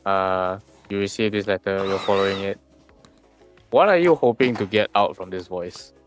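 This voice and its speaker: A man's voice: deep voice, normal speed, soft background music. A man acting as game master in a casual tabletop session, musing aloud and humming filler syllables as he thinks.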